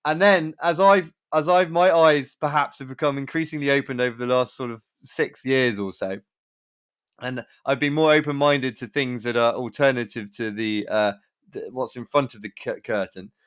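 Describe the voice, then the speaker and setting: A man's voice: medium pitch, moderate pace, a bit bright, smooth, no echo, studio quality. A man hosting a podcast in casual chat, rambling and hesitant with playful teasing. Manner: rambling, hesitant, many restarts. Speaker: podcast host.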